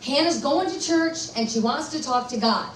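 A woman pastor preaching a sermon at a conference, animated and asking her listeners questions. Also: sits high, moderate pace, a little hiss or hum. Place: church conference hall. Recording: echoey room, voice from far off.

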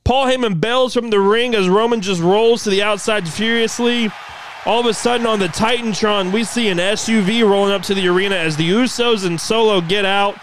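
A man hosting and narrating as a commentator, calling the action play-by-play in an energetic announcing manner. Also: high voice, a little fast, a little hiss or hum.

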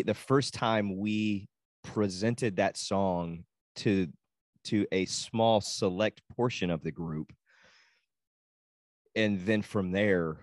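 Male co-host, 40s, low voice, dry close mic, rambling casual chat. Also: no room sound. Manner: rambling, laughs easily. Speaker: co-host, youth minister and musician.

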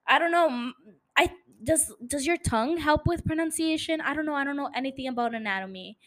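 Tipsy podcast host, a woman with English as her second language, high voice, profane animated rants. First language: not English. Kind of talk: casual chat.

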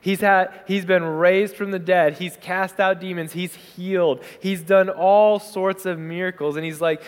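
A man preaching a sermon as pastor, conversational and animated, slipping into quick acted asides. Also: sits high. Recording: hall reverb.

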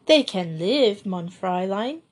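A woman's voice: mid-range voice, animated, measured pace. A young maid answers dryly and respectfully, as a woman reads her lines. She speaks in a plain, matter-of-fact way, a figure from a storybook.

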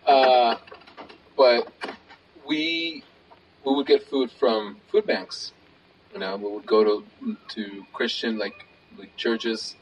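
A man hosting a casual conversation, speaking haltingly with many fillers. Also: mid-range voice. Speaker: host. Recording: distant mic with faint noise.

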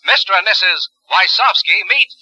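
A man's voice: high-pitched, animated, moderate pace, very noisy. A man working as announcer on a radio quiz show, reading scores and introducing contestants. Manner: crisp, bright announcer delivery.

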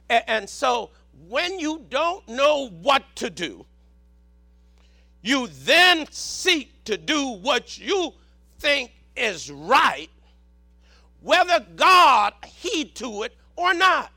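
A man with a Southern accent preaching a sermon, shouting for emphasis and repeating words. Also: extremely high pitch, big pitch swings, slow pace, gravelly.

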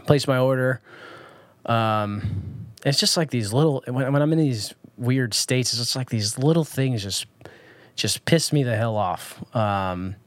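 A man from Southern California recounts his day in a loose, personal vlog, pausing often on ums and circling back over his words. His pitch sits in the middle, and the dry, close recording has no room sound. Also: no room sound. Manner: rambling, many ums and restarts. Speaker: vlogger.

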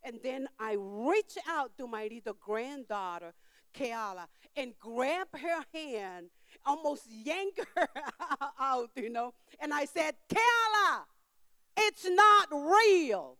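An older woman preaching a sermon in church, telling a story with emphatic outbursts and quiet asides, in simple non-standard grammar. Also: sits high, expressive, slow pace, no room sound.

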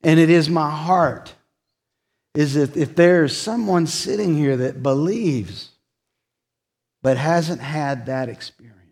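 A man preaching a sermon in a church, earnest and confessional, dropping from emphatic lines to soft, hushed ones. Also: a little high, takes it slowly. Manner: earnest, confessional, swings from loud emphasis to soft near-whisper. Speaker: pastor. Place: church sanctuary.

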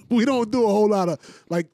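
A man's voice: high voice, dark tone, no echo. A young man co-hosting a podcast who talks casually, swears and laughs often, and halts and restarts his sentences. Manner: laughing, profane, halting restarts. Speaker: podcast co-host.

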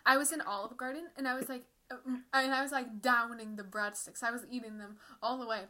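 A woman's voice: fairly high pitch, fairly even intonation, fast, sharp tone. A young woman co-hosting a casual podcast, telling rambling stories full of fillers and giggles. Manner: giggly, rambling storyteller with lots of "like". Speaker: podcast co-host. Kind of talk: casual chat.

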